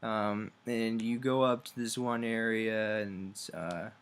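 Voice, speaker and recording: Young male game reviewer, lowish voice, rambling casual recap with crude jokes. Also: steady tone, slow pace, fairly bright tone, smooth. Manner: loose and offhand, heavy on fillers and crude asides.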